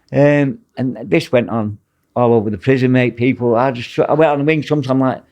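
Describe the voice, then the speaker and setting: A man's voice: medium pitch, fairly quick, darkish tone, muffled recording. A man with a Manchester accent, a former prison officer telling blunt, rambling anecdotes as a podcast guest. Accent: Mancunian. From Manchester, England. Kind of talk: casual storytelling interview.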